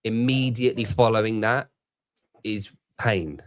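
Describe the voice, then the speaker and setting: A man's voice: on the low side, measured pace, slight background noise. A man talks in a loose, conversational way, often laughing and circling back. He sounds like a show host chatting with a friend. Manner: rambling, laughs often, many restarts. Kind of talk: casual chat.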